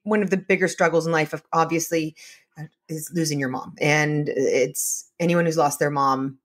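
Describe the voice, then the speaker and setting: Curious woman host, lower voice. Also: steady tone, moderate pace. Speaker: podcast host. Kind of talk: interview conversation.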